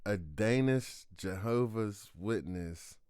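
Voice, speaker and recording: A man's voice: lowish voice, slow, a little mellow, smooth, no room sound, studio quality. A man reacting casually to a comedy clip, laid-back and slangy. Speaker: reaction streamer.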